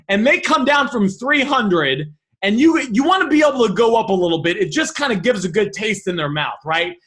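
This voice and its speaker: A man teaching negotiation by walking through message examples, animated and thinking aloud with quick restarts. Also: very high voice. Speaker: negotiation coach.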